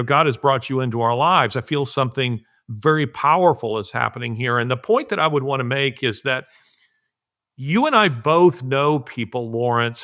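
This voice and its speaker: A man's voice: medium pitch, a bit bright. A middle-aged man speaking earnestly in a podcast conversation, telling stories and emphasizing his points. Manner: earnest, emphatic, acts out quotes. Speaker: guest commentator. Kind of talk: casual podcast conversation, storytelling.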